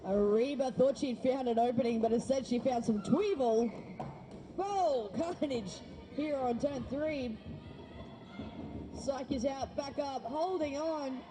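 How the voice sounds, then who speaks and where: A woman's voice: high-pitched, slow, music in the background, rough recording. Woman calling roller derby. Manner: jokey, punning play-by-play. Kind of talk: live sports commentary.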